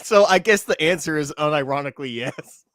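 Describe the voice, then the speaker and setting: A man's voice: fairly high pitch, a little fast, fairly bright tone. A man co-hosting a casual stream, teasing his friend and laughing often. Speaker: co-host. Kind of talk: casual banter.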